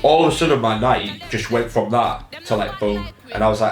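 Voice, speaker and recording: A young man from Hull with a Hull accent and a fairly low voice, telling a casual story about a gig. He talks in a chatty way, swears freely and acts out what people said. The sound is echoey and a little distant, as if recorded across a room. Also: brisk, over music. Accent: Hull, England. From England. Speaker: musician in a band.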